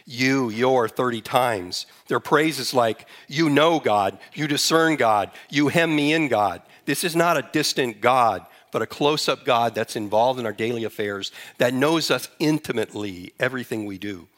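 A man's voice: medium pitch, measured pace, few pauses, a bit bright. Earnest man preaching scripture. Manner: earnest preaching, scripture reading with emphatic rises. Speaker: pastor. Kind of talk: sermon.

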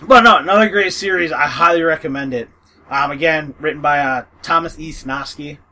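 A man's voice: a little high, fairly quick, pushed and bright, poor audio. A man chatting casually about fantasy audiobooks, rambling with fillers, swearing and laughing often. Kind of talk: casual book recommendation chat.

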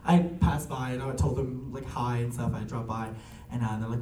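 A man's voice: mid-range voice, expressive, recorded from a distance, crowd noise. A young man telling family stories in a casual, chatty way, laughing often and acting out quotes. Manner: chatty, laughing, full of likes and quick quoted asides. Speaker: drag performer. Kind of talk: casual storytelling. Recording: roomy echo from off-mic, faint ambience.

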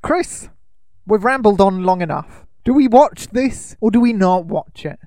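A man co-hosting a podcast, teasing and steering the chat along. His voice has a gravelly, fry-laden edge. The recording is dry and close. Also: high voice, animated, unhurried, a little mellow, no echo. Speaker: podcast co-host. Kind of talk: casual chat.

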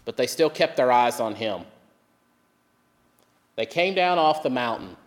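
A male pastor giving a sermon, telling a story and dropping soft and low when he quotes. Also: lively intonation, measured pace, long pauses, long reverb tail. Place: church.

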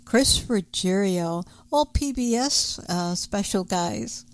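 A woman with a New York accent co-hosting an oldies radio show in relaxed casual chat. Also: mid-range voice, takes it slowly. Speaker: radio co-host.

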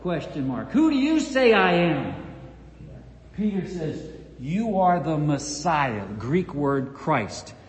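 A man preaching with lively, dramatic emphasis, his voice sitting high for a man. He teaches scripture to a gathering in a large church hall. Long reverb rings around every phrase. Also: slow. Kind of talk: Bible teaching at a church event.

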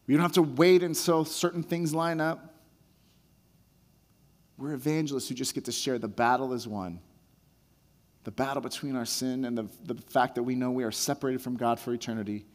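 A man preaching a sermon as a pastor, talking in a conversational way that repeats words and builds excitement as he retells a scene. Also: mid-range voice, normal speed, pauses often, in a large hall.

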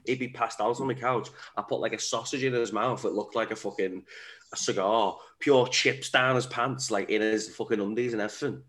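A man's voice: lowish voice, steady tone, brisk, a bit bright. A young man chatting bluntly and crudely about pranks on a friend. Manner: blunt, crude, laughs along. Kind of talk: casual chat.

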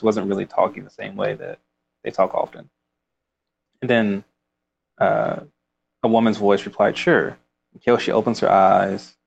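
A man's voice: lowish voice, gravelly, slight background noise. A man casually discussing a book, reading passages aloud and rambling with laughs. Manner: rambling, with frequent fillers and laughs.

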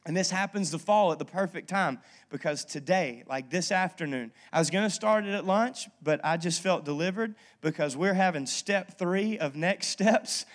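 A man preaching a sermon as pastor, talking in a casual, lively storytelling way and checking in with the congregation. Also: sits high, normal speed, few pauses. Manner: conversational, lively storytelling with frequent "okay?" asides. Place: church.

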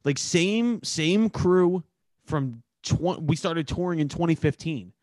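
A man's voice: on the high side, animated, slow, a little mellow, no room sound. A man hosting a casual chat, laid-back and profane, leaning on "like" a lot. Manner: laid-back, swears, heavy use of "like".

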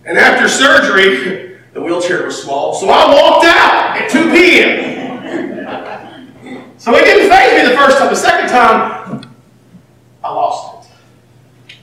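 A man preaching a sermon, swinging between loud, shouted lines and near-whispered asides. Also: very high-pitched, very animated, measured pace, long pauses, a little hiss or hum. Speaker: pastor. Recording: echoey hall from far off, faint ambience.

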